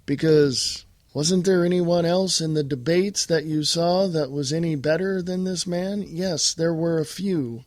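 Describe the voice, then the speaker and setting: Male podcast host, American, high voice, combative monologue, dry close sound. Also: unhurried, hardly any pauses, a little mellow, no room sound. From United States. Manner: blunt and combative, addressing listeners directly. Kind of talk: political talk monologue.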